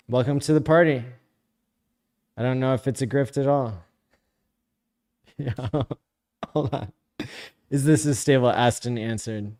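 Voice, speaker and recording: A man hosting a live stream, reading viewer comments out loud in a blunt, sarcastic, casual way. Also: mid-range voice, measured pace, long pauses. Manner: blunt, sarcastic, profane, often laughing.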